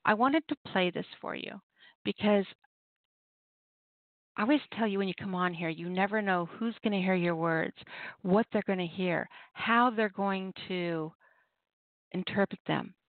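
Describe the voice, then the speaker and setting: A woman hosts a poetry radio show, chatting in a loose, rambling way and laughing often. Her voice has a gravelly, creaky edge. It comes through a tinny, dry phone line. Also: mid-range voice, unhurried, long pauses, dry recording. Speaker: host of an open mic poetry radio show. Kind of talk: casual talk giving poetry prompts.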